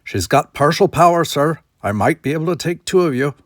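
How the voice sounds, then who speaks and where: A man playing a dutiful male ship's engineer, answering briskly. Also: fairly high pitch, lively intonation, no echo, studio quality, pitched above the performer's own voice, lightly acted.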